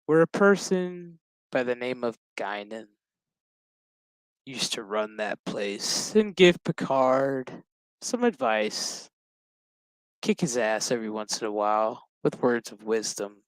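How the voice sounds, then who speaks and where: Brief: man, smooth clear voice, dry close sound, swearing his way through a sarcastic episode recap. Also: mid-range voice, lively intonation, takes it slowly, dry recording. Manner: profane, sarcastic, blunt. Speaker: show reviewer.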